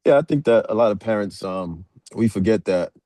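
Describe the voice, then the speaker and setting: A man in his forties talks as a podcast guest, relaxed and rambling with plenty of fillers. His voice is low and warm. The sound is dry and close. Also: brisk, no echo. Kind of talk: casual storytelling.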